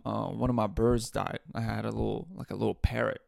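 A man's voice: mid-range voice, normal speed, vocal fry, no room sound. Male podcaster, casual profane storyteller, dry close sound. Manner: profane, animated storytelling with laughs. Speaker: podcast host.

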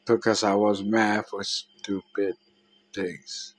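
A man telling a personal story in a halting, emotional way, with many restarts and trailing phrases. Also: lowish voice, level tone, dry recording, poor audio.

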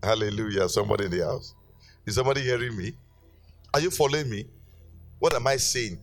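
A man's voice: on the low side, fast, faint music behind. A middle-aged man preaching a sermon as pastor, telling stories with energy and calling out to his congregation in rising, sing-song exhortations. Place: church.

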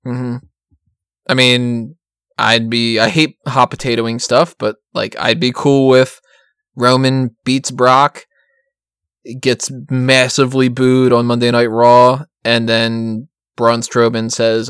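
A man's voice: mid-range voice, a bit bright, clean tone, dry recording, studio quality. Profane, laughing man in casual chat. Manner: profane, laughing often, rambling.

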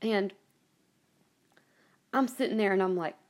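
A woman's voice: mid-range voice, a little slow, darkish tone. A woman hosting a personal monologue podcast, ranting angrily and swearing heavily, with many restarts and trailing asides. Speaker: podcast host.

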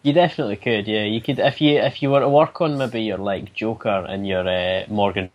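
A man's voice: lowish voice, fairly quick, highs cut off. A man appearing as a podcast guest, chatting casually and giving opinions with some hesitation. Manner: opinionated, thinking aloud, with hesitations. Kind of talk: casual chat.

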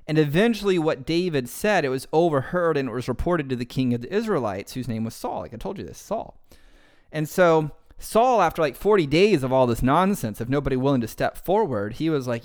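A man's voice: a little high, lively intonation, brisk. A man hosting a podcast who retells a Bible story casually, with lots of slang and fillers. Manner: slangy, uses "like" and "dude" a lot. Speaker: podcast host and pastor.

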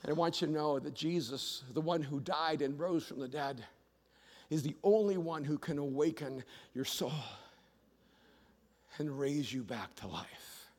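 High-voiced animated pastor in a hall. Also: male voice, a little slow. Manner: animated storyteller, rising to shouts. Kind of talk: sermon. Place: church auditorium. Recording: long reverb of a large hall.

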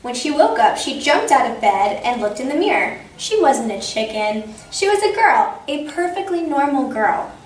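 Woman story time host, expressive read-aloud; higher voice, distant mic, faint background hiss. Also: moderate pace, few pauses. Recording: echoey room, distant mic, faint noise.

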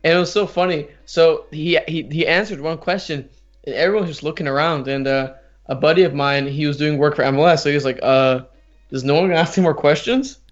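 Rambling co-host, dull lo-fi sound. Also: male voice, on the high side, fairly even intonation, quick pace, faint music behind. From United States. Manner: rambling, repeats words, laughs while talking. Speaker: podcast co-host. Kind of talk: casual podcast chat.

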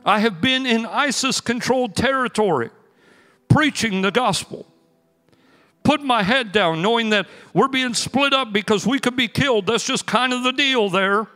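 A man's voice: very high-pitched, normal speed. Preaching man in an echoing church. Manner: energetic, storytelling preacher with rising emphatic bursts. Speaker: pastor. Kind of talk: sermon. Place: church sanctuary. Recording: long hall reverb with faint music.

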